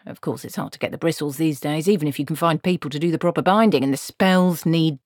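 A woman voicing a fussy, evasive male dwarf craftsman who talks slowly and deliberately. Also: deep voice, darkish tone, no room sound, clean studio sound. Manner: slow, deliberate, pondering.

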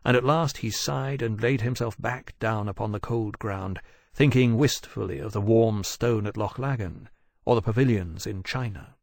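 A man narrating an audiobook in a measured, steady way. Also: fairly low pitch, creaky, no room sound, clean studio sound.

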